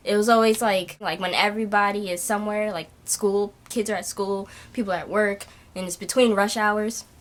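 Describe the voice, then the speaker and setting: A woman's voice: mid-range voice, fairly bright tone. A young woman rants casually to her camera. She sounds exasperated and complaining. Her talk is full of fillers and restarts. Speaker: vlogger.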